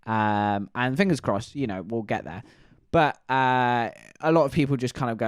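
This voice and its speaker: A man's voice: mid-range voice, animated, fairly quick, no room sound, clean studio sound. A young man telling a rambling, chatty story to his viewers. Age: young adult. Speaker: vlogger.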